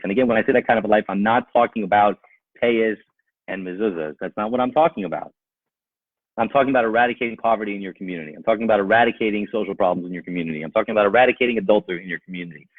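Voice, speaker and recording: A man's voice: fairly low pitch, husky, no echo, phone-quality sound. A man speaking as a rabbi, giving an emphatic talk to a live audience, full of rhetorical questions and repeated phrases.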